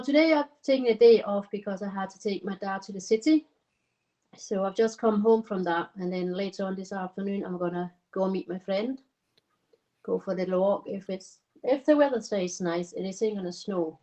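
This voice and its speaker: Danish-born woman, Scottish accent, warm low tone, relaxed guest chatter. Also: normal speed, poor audio. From Denmark. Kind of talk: casual chat on a live stream.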